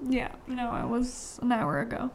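A woman's voice: on the high side, expressive, normal speed. A young woman co-hosting a podcast, dry and teasing in casual banter. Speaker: podcast co-host. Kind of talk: casual chat.

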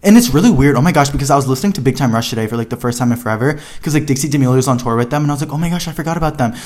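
A man's voice: mid-range voice, animated, racing, darkish tone. Chatty young man telling a story. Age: young adult. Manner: chatty, filler-heavy, dramatic retelling. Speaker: podcast host. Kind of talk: casual storytelling monologue.

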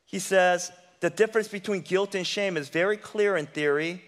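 A male pastor preaching a sermon with passion, swinging from loud emphasis to hushed intensity. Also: sits high, normal speed, few pauses, in a large hall.

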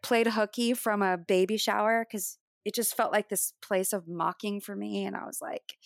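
A woman's voice: medium pitch, no echo, studio quality. A woman in her thirties, a worship leader, telling a personal testimony in an interview, earnestly acting out remembered dialogue.

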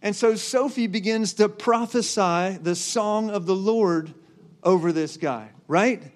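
A man's voice: high voice, unhurried. A man preaching a sermon, driving his points with repeated rhetorical questions to the congregation. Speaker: pastor.

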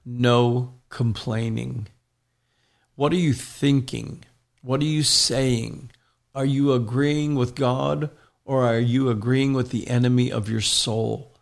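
A man's voice: medium pitch, steady tone, takes it slowly, creaky. A man preaching a sermon, reading scripture aloud and explaining it line by line, now and then telling a joke with a small laugh. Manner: tells jokes with small laughs.

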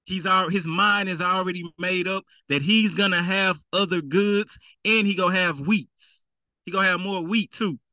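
Lively, bright-voiced man preaching. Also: high-pitched, moderate pace, no echo, low-quality recording. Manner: playful, acts out the rich man in casual slang. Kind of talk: conversational sermon.

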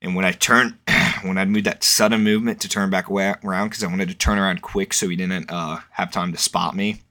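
A man's voice: sits low, fairly even intonation, brisk, sharp tone. A young man in casual chat, rambling and swearing, with lots of fillers. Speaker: podcast co-host.

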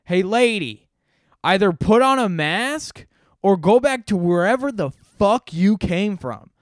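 Angry stranger shouting in line, heated and loud, acted by a storyteller. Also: male voice, high voice, lively intonation, unhurried, no room sound, clean studio sound, pitched above the performer's own voice. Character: angry man in a shop line, yelling.

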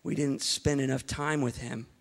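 A man's voice: medium pitch, steady tone, normal speed, creaky, in a large hall. A male pastor preaching a sermon to a congregation, emphatic and rhetorical, with playful asides to the room. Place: church hall before a congregation.

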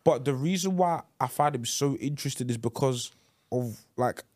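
A man hosting a casual podcast, his voice sitting at an everyday middle pitch. He talks with animation, stacking up "like" fillers and restarting his sentences as his thoughts run ahead of him. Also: moderate pace, a little mellow. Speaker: podcast host. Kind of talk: casual chat.

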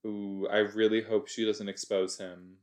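A man giving chatty, excitable reaction commentary as he watches a TV episode, gasping and exclaiming along. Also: lowish voice, a little slow. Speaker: reaction video host.

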